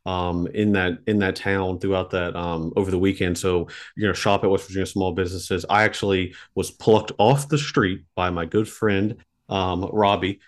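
A man co-hosting a podcast, telling a story in an animated, rambling way with lots of asides. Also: sits low, moderate pace. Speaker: podcast co-host.

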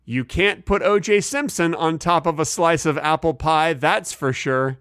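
A man's voice: a little high, measured pace, fairly bright tone, smooth, dry recording, studio quality. A man co-hosting a comedy podcast, pushing a silly joke with playful insistence. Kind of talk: casual comedic banter.

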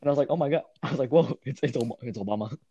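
A young man talks in a loose, rambling way as co-host of a casual chat. He laughs often and acts out his own past reactions in quotes. His voice sits mid-pitch and sounds close and dry. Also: racing, dark tone, husky, dry recording, muffled recording. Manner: rambling, laughing, quoting himself.

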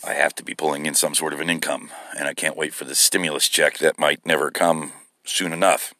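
A man's voice: extremely low pitch, flat delivery, brisk, pushed and bright, no echo. A man with children and a wife, ranting angrily with heavy profanity in a heated monologue. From United States. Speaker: vlogger.

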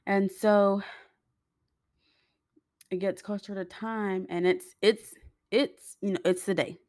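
A woman's voice: mid-range voice, fairly even intonation, slow pace, a little mellow, no room sound, studio quality. A young woman telling a personal story to her viewers in a chatty, rambling way, acting out the voices of the people in it. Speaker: vlogger.

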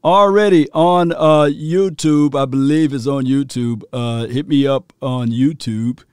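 A man's voice: medium pitch, steady tone, a little slow, clear, resonant tone, no echo, clean studio sound. A man hosting a livestream, chanting and half-singing hype lines to his viewers. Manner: sing-song hype chanting. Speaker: livestream host. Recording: loud hip hop music behind. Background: loud hip hop music.

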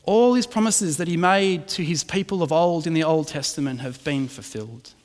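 A man's voice: on the high side, moderate pace. A middle-aged man preaching a sermon, chatty and self-deprecating in his stories and earnest in his teaching. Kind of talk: sermon with personal anecdote. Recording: long reverb in a hall.

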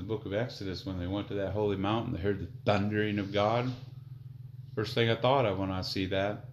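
A man preaching a sermon, slowing down to read scripture aloud and swinging from quiet low asides to loud emphatic declarations. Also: low-quality recording. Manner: reads scripture slowly and deliberately.

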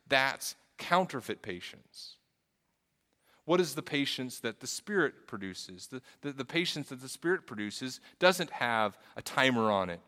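Bright-voiced man preaching in a reverberant hall. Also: on the low side, smooth. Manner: earnest, storytelling, frequent restarts and repeated words. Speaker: pastor. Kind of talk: sermon. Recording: long reverb of a large hall.

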